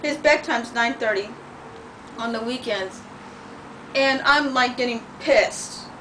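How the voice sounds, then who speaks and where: A woman's voice: a little high, slow, bright, forceful tone. A middle-aged woman ranting in a vlog, blunt and profane as she tells a heated story, sore and in pain. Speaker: vlogger. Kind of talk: venting vlog rant. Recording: distant mic with faint noise.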